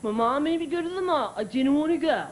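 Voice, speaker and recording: A woman's voice: high voice, fast talker. A woman playing a bragging nine-year-old. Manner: boastful, excited. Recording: live club with crowd noise.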